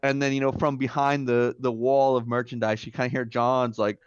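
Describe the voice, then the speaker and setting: A man's voice: medium pitch, little pitch movement, fairly quick, clean tone, no echo, muffled recording. A man telling a long casual story as a talk show guest, rambling with lots of fillers and restarts.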